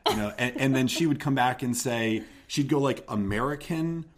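A man co-hosting a podcast in casual chat, rambling and often trailing off softly. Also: medium pitch, normal speed. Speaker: podcast co-host.

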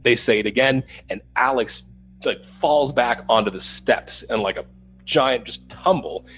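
A man who works as a paranormal investigator, telling the story of a haunting in an animated, building way in an interview. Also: medium pitch, a little slow, a little hiss or hum, low-quality recording. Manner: animated retelling, rising to loud urgency.

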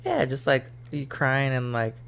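Young man with a gravelly creak. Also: mid-range voice, very animated, a little slow, a bit bright. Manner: rambling, gropes for words, mild cursing. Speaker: podcast co-host. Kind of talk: casual crude chat.

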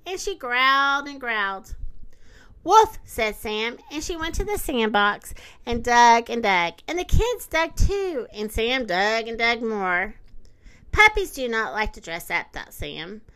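A woman reading a children's picture book aloud in a slow, expressive, sing-song way. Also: a little high, clean tone. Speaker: storyteller.

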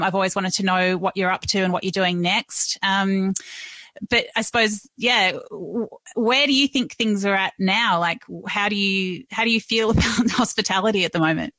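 Woman food writer hosting, enthusiastic, bright voice, dry sound. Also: mid-range voice, no echo. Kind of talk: interview questions.

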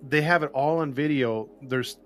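Casting: male podcast co-host, lively storyteller, filler-heavy, faint music behind. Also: medium pitch, normal speed. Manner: animated storyteller, lots of fillers. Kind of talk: casual chat.

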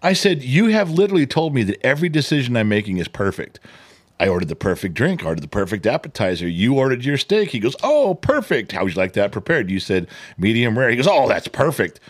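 Hombre animado que cuenta historias imitando voces. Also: male voice, medium pitch, fast talker. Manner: animated storytelling with mimicked voices, swearing. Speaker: podcast co-host. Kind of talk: casual chat.

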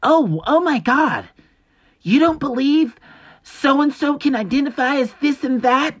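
Man doing a shrill, indignant accuser. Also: animated, unhurried, fairly bright tone, exaggerated voice. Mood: outraged.

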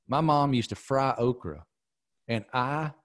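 Speaking a little slowly at a medium pitch, a middle-aged Southern man hosts a podcast. He's an animated, emphatic storyteller keeping the chat casual.

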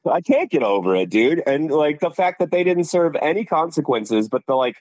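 A man's voice: fairly high pitch, animated, moderate pace, a little mellow, no room sound. A man as a guest on a casual chat, blunt and slangy, often saying dude. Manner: blunt, slangy, says dude and bro a lot.

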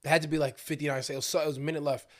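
A young man, a basketball player, telling a story in casual chat, animated and slangy, acting out the people in it. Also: a little high, racing. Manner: animated, acts out voices in his stories, slangy.

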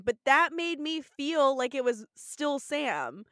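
A woman's voice: high voice, measured pace, no room sound, studio quality. A young woman co-hosting a podcast, casually recapping a TV episode, laughing often and acting out the characters' lines. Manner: animated, laughs often, acts out quotes. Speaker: podcast co-host.

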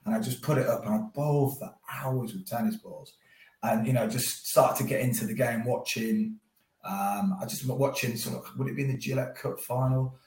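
Man telling lively stories. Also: mid-range voice, a little fast. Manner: animated storytelling with frequent laughs. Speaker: guest, former professional cricketer. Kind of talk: casual chat. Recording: roomy echo.

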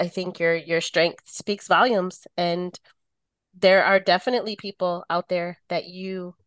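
A woman's voice: on the low side, clean tone, dry recording. A woman hosting a podcast who chats casually, heaping praise on her guests with lots of fillers. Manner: warm, effusive, rambling praise with many fillers. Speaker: podcast host. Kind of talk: casual interview chat.

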